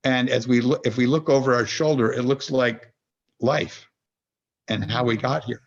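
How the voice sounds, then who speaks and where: A man's voice: medium pitch, fairly even intonation, normal speed, dull audio. A man as a podcast guest and executive coach, talking in an earnest, meandering way and explaining his ideas through everyday examples. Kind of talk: reflective conversational storytelling.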